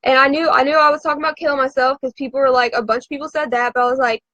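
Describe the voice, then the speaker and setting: A woman's voice: high-pitched, steady tone, very fast, pushed and bright, no room sound, rough recording. A woman who has been drinking, telling a rambling, profane story to a live audience in a frantic, confessional way.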